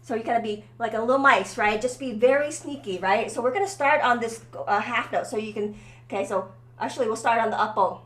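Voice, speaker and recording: Female violin teacher, higher voice, encouraging coaching, room with echo, faint violin behind. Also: brisk, fairly bright tone. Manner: encouraging, coaching, keeps checking in with "okay?". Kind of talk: one-on-one violin lesson. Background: faint violin playing.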